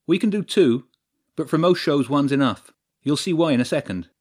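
A man doing a wiry young lighting tech, fast and boastful. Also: fairly high pitch, lively intonation, a little mellow, pitched above the performer's own voice. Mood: eager.

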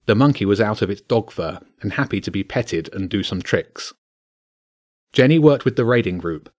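A man narrating a children's adventure story aloud in a steady, measured way. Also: lowish voice, no room sound, studio quality.

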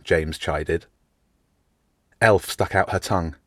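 A male narrator reading a storybook aloud, even and measured. His voice sits low, and the recording is close and dry. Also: no echo. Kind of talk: audiobook narration.

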